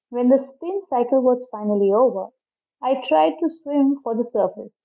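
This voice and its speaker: A woman storyteller reading a detective story aloud slowly and carefully. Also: fairly high pitch. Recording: tinny phone-like sound.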